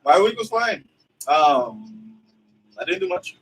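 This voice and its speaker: A man's voice: high voice, wildly swooping pitch, slow pace, creaky, fairly bright tone, recorded from a distance, slight background noise, poor audio. A man co-hosting a podcast in casual chat, joking around and prodding the others for details. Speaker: podcast co-host.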